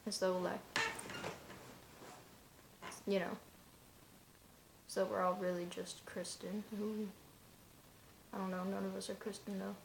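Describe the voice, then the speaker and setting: Gravelly woman rambling in an echoey room. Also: mid-range voice, level tone, slow pace, long pauses, a little hiss or hum. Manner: rambling, offhand, talks in loose run-on asides. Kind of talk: casual vlog monologue.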